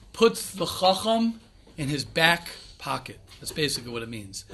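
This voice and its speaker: A man with a high voice teaches a room of yeshiva students in a loose, energetic style. He repeats words and restarts sentences as he works through his point. Faint background noise sits under the recording. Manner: animated, repeats himself, self-correcting. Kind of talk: informal Torah lecture.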